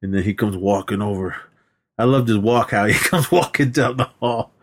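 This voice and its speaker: This podcast co-host talks movies, casually recapping scenes, laughing frequently and voicing characters' lines loudly. He has a lowish voice and a moderate pace.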